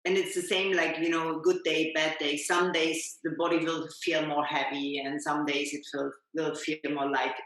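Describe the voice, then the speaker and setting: Brief: woman yoga teacher guest, lowish voice, gentle reflective talk, very echoey room. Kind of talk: reflective conversational chat.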